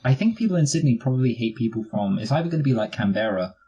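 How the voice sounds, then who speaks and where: A man's voice: medium pitch, expressive, fast, dark tone, husky, lo-fi sound. A man co-hosting a casual film review chat, joking and breaking into impressions. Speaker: podcast co-host.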